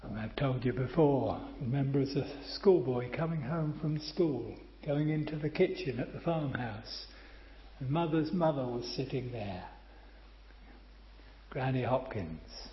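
An older man preaching a sermon, slow and emphatic, calling his listeners friend. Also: mid-range voice, slight background noise. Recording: roomy, slightly dull church recording.

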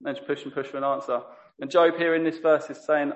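Earnest flat-voiced man preaching. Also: on the high side, a little fast, hardly any pauses, lo-fi sound. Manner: earnest, self-correcting. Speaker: lay preacher. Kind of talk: sermon.

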